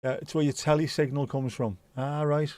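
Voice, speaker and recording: A man's voice: on the high side, steady tone, normal speed, warm tone, no echo. A man hosting a live match watchalong, chatting casually and rambling between dad jokes. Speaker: watchalong host.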